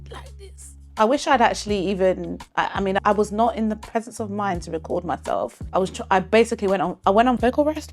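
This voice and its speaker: Woman singer, mid-pitched, earnest and expressive, recounting a personal story for her channel. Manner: earnest, expressive, faith-filled telling.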